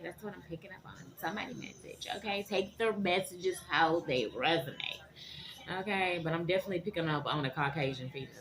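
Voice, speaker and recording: A woman giving a tarot reading to her viewers, animated and dramatic, often checking in with "okay?". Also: lowish voice, slight background noise. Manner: animated, keeps asking "okay?". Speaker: tarot reader.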